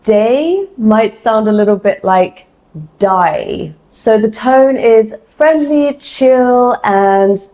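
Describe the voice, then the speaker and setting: A woman presenting a scripted English lesson, explaining clearly and sounding slightly sick. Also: fairly high pitch, expressive, takes it slowly, few pauses, dark tone. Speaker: English teacher.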